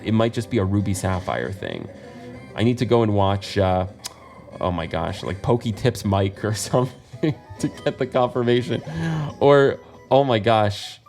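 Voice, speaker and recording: A man's voice: mid-range voice, darkish tone. Chatty American guy narrating his game. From United States. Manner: chatty, laughs often, self-deprecating asides. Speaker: let's play host. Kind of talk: casual video game commentary.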